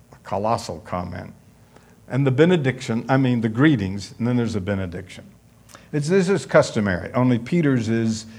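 Pastor, male, unhurried sermon delivery, mid pitch. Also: darkish tone. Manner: measured, storytelling delivery.

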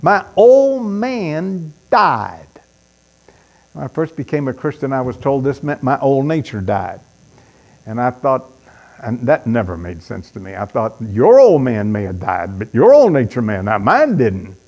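A man's voice: mid-range voice, sing-song, normal speed, dark tone. A man preaching a sermon, reading Bible verses aloud with dramatic emphasis and talking to the congregation in conversational asides.

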